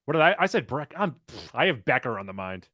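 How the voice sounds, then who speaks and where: A man co-hosting a casual chat, announcing sketch rankings with quick asides. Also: mid-range voice, very animated, bright, forceful tone, no echo. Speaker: podcast co-host.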